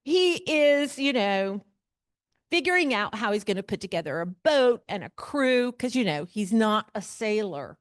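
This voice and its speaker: Woman, class teacher, fairly high voice, unhurried, teasing asides, dry sound. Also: no room sound. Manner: animated, questions the class and reads passages aloud; mocks long-winded speech with playful asides. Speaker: adult Sunday class teacher. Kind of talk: literature class lecture. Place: church classroom.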